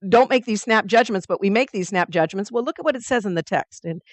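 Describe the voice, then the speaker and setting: A woman leading a weekly spiritual study group, teaching in a lively, conversational way with playful asides. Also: medium pitch, fast talker, dry recording.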